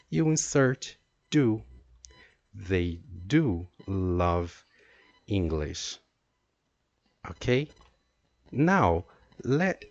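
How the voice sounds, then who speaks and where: A man teaching an English grammar lesson, explaining slowly and reading out example sentences. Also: medium pitch, dry recording, highs cut off. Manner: slow, deliberate explaining with drawn-out example sentences.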